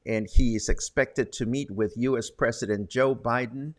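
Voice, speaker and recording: A man's voice: medium pitch, steady tone, normal speed, very noisy. A man hosting a casual local news and weather roundup, chatty, with wry asides. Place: Puerto Vallarta, Mexico.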